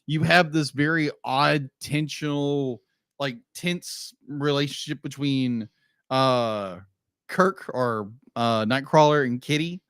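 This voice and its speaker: A man's voice: mid-range voice, takes it slowly, fairly bright tone, smooth, dry recording, studio quality. A man co-hosting a podcast in casual review chat, easygoing and enthusiastic, with lots of fillers. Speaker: podcast co-host.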